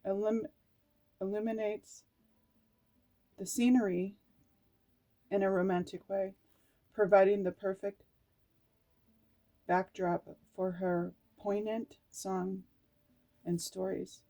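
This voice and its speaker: A woman's voice: medium pitch, level tone, slow pace, pauses often, warm tone. A middle-aged woman giving an emotional tarot card reading, reading card meanings aloud and breaking into laughs and tearful asides. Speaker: tarot reader.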